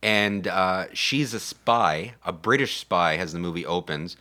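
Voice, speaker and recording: A man's voice: deep voice, unhurried, bright, forceful tone. A man co-hosting a podcast, recapping a movie in rambling casual chat with many fillers.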